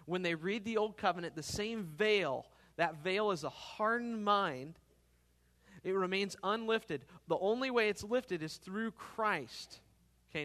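A man preaching an expository sermon as pastor, earnest, swelling louder on key phrases and checking in with the congregation. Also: high-pitched.

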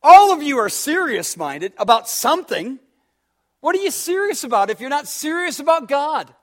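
A man's voice: extremely high pitch, sing-song, moderate pace, fairly bright tone. A man preaching a sermon as pastor, pressing his listeners with repeated rhetorical questions and acting out a story in quoted dialogue.

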